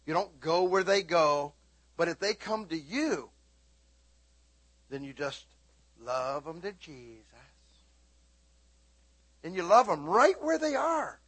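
A middle-aged man preaching a sermon as a pastor. He tells stories with lively energy, breaks into sudden high shouts, and keeps checking in with his listeners. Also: slow, long pauses. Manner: animated storytelling, sudden high shouting bursts.

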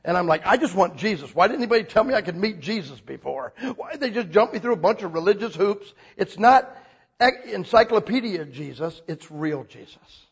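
A man preaching a sermon as a pastor, telling stories with lively acted-out quotes. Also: a little fast, vocal fry, breathy edge, highs cut off. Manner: animated storytelling, acts out quotes with big pitch jumps.

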